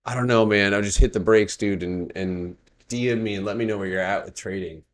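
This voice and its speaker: A man with a lowish voice hosts a trading livestream, walking through stock charts in an easygoing way. He keeps it loose and chatty, often joking back at the comments. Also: brisk, slight background noise. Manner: laid-back, joking with chat, laughs often. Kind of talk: casual livestream chart review.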